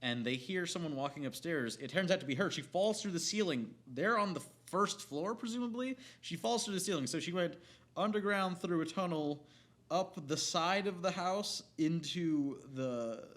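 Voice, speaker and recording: A man with a bright, sharp-edged voice rants casually about a movie. He rambles, swears freely and keeps cracking himself up. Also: a little high, moderate pace. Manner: profane, rambling, laughs often. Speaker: movie reviewer. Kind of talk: casual film rant.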